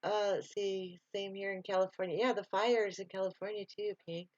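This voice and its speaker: A woman's voice: mid-range voice, fairly even intonation, moderate pace, a little mellow, no echo. Chatty woman live-stream host, slightly muffled. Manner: chatty, laughs often, reads and answers viewer comments. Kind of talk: casual live-stream chat.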